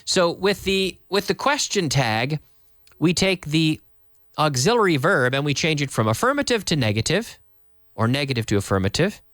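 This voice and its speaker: Lively Canadian man teaching English. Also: fairly high pitch, moderate pace, no echo, studio quality. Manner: animated, repeats and rephrases, mixes in Spanish. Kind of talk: live-streamed language lesson.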